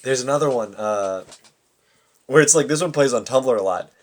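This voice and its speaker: A man's voice: mid-range voice, lively intonation, moderate pace. A young man co-hosting a podcast, rambling and swearing freely in casual chat, laughing often. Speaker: podcast co-host.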